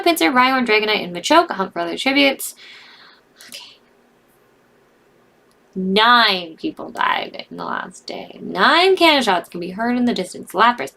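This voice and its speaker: Young woman doing casual game commentary, kinda high voice, reads stuff out and reacts loud. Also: gravelly. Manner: reads out results and reacts with cries and laughs. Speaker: gaming video host.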